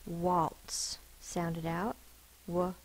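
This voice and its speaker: Woman, teacher, spelling lesson, slow careful delivery, fry in the voice. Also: on the low side, poor audio. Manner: slow, careful sounding-out of words; patient, explanatory.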